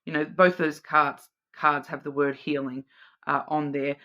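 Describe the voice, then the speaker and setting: The audio is dull, and the woman's low-pitched voice has a sharp tone, a flat delivery and a measured pace. As host of a weekly oracle card reading, she wonders aloud, repeats words while working out their meaning, and checks in directly with listeners by asking "okay?"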